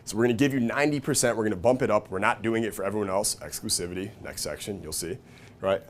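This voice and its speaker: A man with a lower-than-average voice runs a casual, profane seminar, constantly checking in with the audience. He jumps into loud, high-pitched impressions when quoting people. Faint room noise sits under the recording. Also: quick pace. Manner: profane, energetic, keeps checking in with "right?" and "okay?"; acts out quoted voices with big jumps in pitch and volume. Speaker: seminar speaker. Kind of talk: live seminar talk to an audience.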